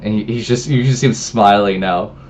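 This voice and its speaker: A man's voice: on the low side, fairly quick, darkish tone, slight background noise. A man running a tabletop game as game master, narrating and talking loosely with many restarts.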